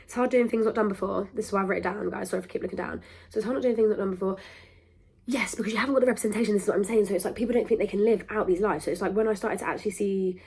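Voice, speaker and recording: A woman's voice: mid-range voice, very fast, vocal fry, darkish tone, slight background noise. A young woman hosting a podcast, talking in a rambling, emphatic, self-interrupting way. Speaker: podcast host. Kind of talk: casual monologue to camera.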